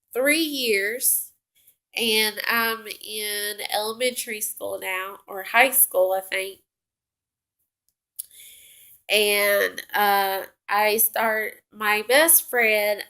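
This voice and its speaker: A woman's voice: mid-range voice, a bit bright. A young woman casually telling a personal story, rambling with many fillers and self-corrections.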